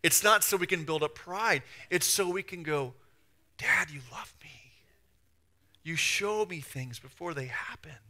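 Animated male pastor preaching. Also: fairly high pitch, normal speed, few pauses. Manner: animated, acts out voices and quotes. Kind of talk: sermon. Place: church.

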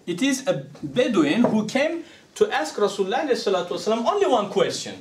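An Islamic scholar from Uzbekistan lectures an audience on religion in an echoey lecture hall, speaking conversationally and often posing rhetorical questions. His voice sits high with big pitch swings and a brisk pace, and he's recorded from a distance away from the mic, with a little hiss or hum.

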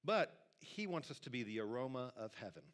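A male pastor preaching a sermon to a church congregation in a lively, conversational way, talking directly to the people in the pews. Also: medium pitch, a little fast. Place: church sanctuary.

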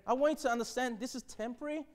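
A man preaching a sermon as pastor, reading scripture slowly and emphatically and checking in with the congregation with frequent "okay?". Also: very high voice. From Australia.

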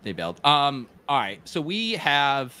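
A man hosting a casual podcast live draft, joking and animated. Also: mid-range voice, unhurried, clean tone. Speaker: podcast host.

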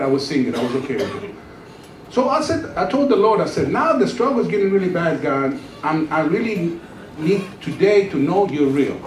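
A man in his thirties preaches his testimony with a lively, swooping delivery, sinking to a near-whisper for the dramatic beats. His voice sits a bit high for a man. It is picked up from a distance in an echoey church hall, with faint room sound behind. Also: a little hiss or hum. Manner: storytelling, acts out his own past voice with dramatic drops to a hush. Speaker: pastor. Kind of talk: testimony sermon. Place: church sanctuary.

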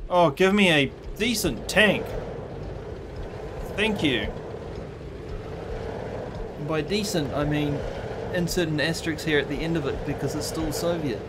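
A man's voice: on the high side, a little slow, long pauses, very noisy. A man hosting a gaming channel, giving sarcastic, exasperated gameplay commentary and swearing at the game. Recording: game music loud behind voice. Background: game music.

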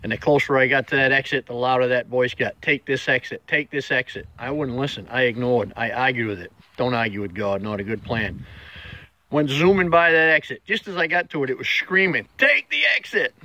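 Earnest folksy man with a bright, dry voice. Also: medium pitch, brisk, dry recording. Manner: folksy, earnest, talks straight to the viewer. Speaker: host of a daily motivational vlog. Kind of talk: casual inspirational storytelling.

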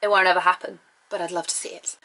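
A woman's voice: lowish voice, level tone, fast talker, bright, forceful tone. A woman giving a chatty, enthusiastic review of a TV episode, with playful asides.

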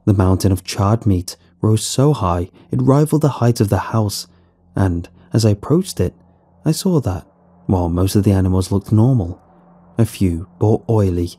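A man narrates a horror story in a steady, measured way. His voice sits low, with a very dark, mellow tone and a husky grain. Faint music plays underneath.

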